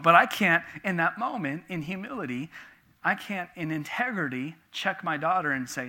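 A man preaching a sermon with passion, moving between loud emphatic lines and quiet personal asides. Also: a little high, very animated, moderate pace.

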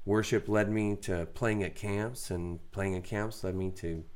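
Guy with a really low voice, casual podcast chat, candid and poking fun at himself. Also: unhurried, clean tone. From raised in a Mennonite Brethren community. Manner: candid, self-deprecating, animated when quoting others. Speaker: podcast co-host. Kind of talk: casual storytelling.

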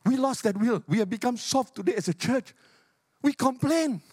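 An older man, a retired pastor, preaching a sermon with emphatic, repetitive phrasing and big swings in pitch. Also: animated, normal speed, darkish tone, slightly rough, dry recording, studio quality.

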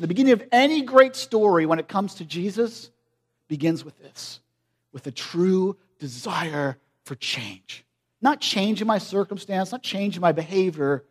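A man preaching a sermon in an earnest, emphatic way, swinging from loud stresses to hushed lines. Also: on the high side.

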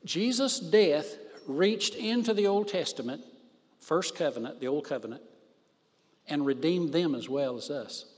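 A man's voice: fairly high pitch, lively intonation, long reverb tail. A man preaching a sermon, stressing words by drawing out his phrases. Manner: emphatic, drawn-out phrases for stress.

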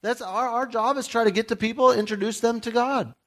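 A man's voice: very high voice, steady tone, a little fast, a bit bright. A middle-aged man preaching a sermon as a pastor, speaking directly and emphatically to his listeners, with joking asides.

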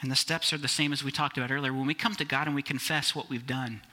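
A man's voice: mid-range voice, fairly even intonation, quick pace, bright, forceful tone. A man preaching a sermon as pastor, speaking conversationally and calling his listeners "guys".

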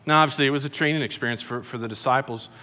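This middle-aged pastor races through his sermon in a mid-range, sharp-toned voice, telling it conversationally as a story and acting out the quotes. The recording carries long hall reverb.

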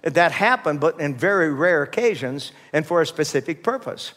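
A man preaching in a church, his voice sitting a little higher than most men's. He talks loosely and conversationally, stumbling over restarts and asking the room for an amen. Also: lively intonation, normal speed, fairly bright tone. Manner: conversational preaching with many restarts, calls to the congregation. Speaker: pastor. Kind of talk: sermon.

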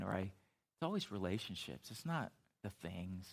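A man's voice: fairly low pitch, expressive, moderate pace, vocal fry. A middle-aged man preaching a sermon as a pastor, telling stories in an easy, conversational way, with frequent restarts and asides.

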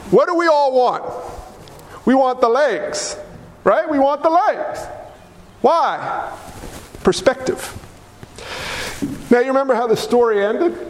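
A man preaching a sermon as pastor, emphatic and folksy, with sudden swings in pitch. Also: animated, unhurried, pauses often, slight background noise. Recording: long hall reverb.

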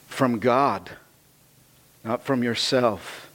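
A man's voice: fairly high pitch, a little slow. A man preaching a sermon. He reads scripture and explains it in a conversational way, repeating phrases for emphasis. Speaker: pastor.

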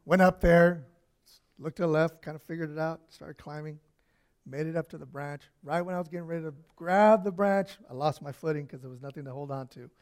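A man preaching a sermon, telling personal stories with lively acted-out voices, swinging from soft asides to shouts. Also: a little high, a little fast.

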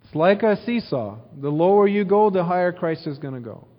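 A man's voice: high-pitched, expressive, brisk. A male pastor giving an earnest sermon full of repeated phrases and rhetorical questions. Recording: dull sound with long hall reverb.

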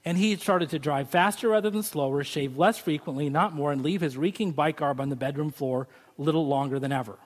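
Male pastor, high-pitched, casual humorous sermon style, recorded in a reverberant hall. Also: brisk, few pauses. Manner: chatty, humorous preaching with laughs. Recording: long hall reverb from a large room.

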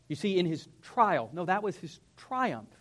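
High-voiced young male pastor preaching. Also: a little slow. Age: young adult. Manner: animated, conversational, acts out whiny voices. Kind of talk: sermon. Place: church sanctuary.

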